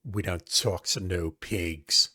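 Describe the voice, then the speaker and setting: Sneering biker gang boss, voiced by a man: low, slow, gruff, put-on accent, game. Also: steady tone, pushed and bright, no room sound, studio quality, heavily acted. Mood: hostile sneering. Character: rough male biker gang leader, hostile.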